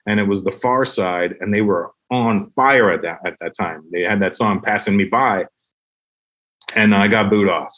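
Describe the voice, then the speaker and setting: A middle-aged man from Canada, a comedian guest on a podcast, telling stories in a lively way and acting out other people's voices. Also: lowish voice, normal speed. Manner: animated storyteller who acts out voices with lots of profanity. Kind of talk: casual podcast conversation.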